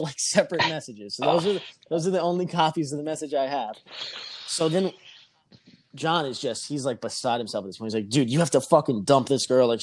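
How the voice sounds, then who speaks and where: A man's voice: mid-range voice, dry recording. A man telling a long anecdote in a casual podcast chat, swearing freely and acting out what other people said. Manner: profane, animated, acts out quoted voices.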